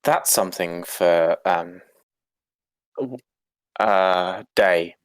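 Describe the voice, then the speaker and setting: Male player, low voice, dry close sound; chatty, hesitant, giggles often. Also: very slow, clear, resonant tone, dry recording. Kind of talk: casual tabletop play.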